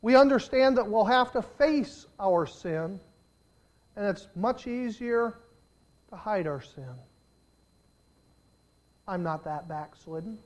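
A preacher delivering an impassioned sermon, moving from hushed, pleading lines to loud, shouted appeals and voicing prayers aloud in the first person. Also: mid-range voice, lively intonation, takes it slowly.

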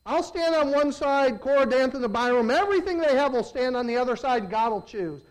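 A preacher voicing God as a calm, all-powerful divine judge, in a low, hushed, dryly commanding way during sermon storytelling. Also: brisk.

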